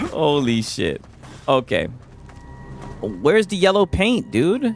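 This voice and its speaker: A young man with a Southern US accent from Atlanta, rambling and swearing casually while commentating a video game he is playing. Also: fairly high pitch. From Atlanta, USA. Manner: laid-back, rambling, swearing, laughing chatter. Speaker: gaming streamer. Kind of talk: casual let's-play commentary. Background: game music.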